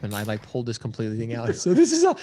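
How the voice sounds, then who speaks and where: A man's voice: medium pitch, racing, background noise. A man telling a story in a casual podcast chat, acting out his own quoted lines and saying "like" and "dude" a lot. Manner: animated, acts out quotes. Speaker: podcast guest. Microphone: headphones on, live podcast.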